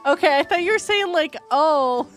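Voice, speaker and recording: Giggly, slow-talking young woman streamer. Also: on the high side, lively intonation, a bit bright, faint music behind. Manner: giggly, laughs constantly, swears freely. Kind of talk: casual live-stream chat while gaming.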